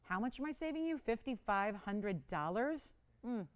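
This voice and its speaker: A talkative woman hosts a live jewelry auction from a TV studio. Her voice sits a little high, and she pleads for bids in an easy, joking way with frequent laughs. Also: sing-song. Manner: chatty, pleading, quick to laugh. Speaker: live shopping host.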